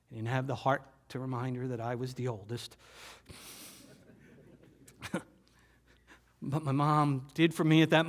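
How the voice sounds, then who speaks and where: Man telling a story with dramatic pauses. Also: on the high side. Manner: dramatic pauses and repeated phrases, dropping to quiet. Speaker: keynote presenter. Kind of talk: storytelling talk to an audience.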